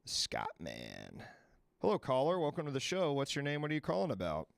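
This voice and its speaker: A man's voice: fairly high pitch, very animated, rapid-fire, creaky, dry recording. A man hosting a live advice stream, chatting loosely and rambling, swearing freely as he goes. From Washington, D.C. area. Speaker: livestream advice show host. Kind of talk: casual live-stream chat.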